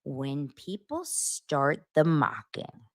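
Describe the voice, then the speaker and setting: Speaking extremely slowly in a low-pitched voice, a female podcast host gives a casual recap of a reality show, animatedly performing cast members' quotes in mocking voices. The recording is dry and studio-clean.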